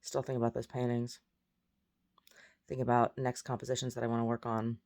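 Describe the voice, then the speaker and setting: Rambling chatty woman with gravelly voice. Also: a bass voice, completely flat delivery, fairly quick, darkish tone. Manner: rambling, chatty, jumping between topics. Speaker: vlogger. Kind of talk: casual chat.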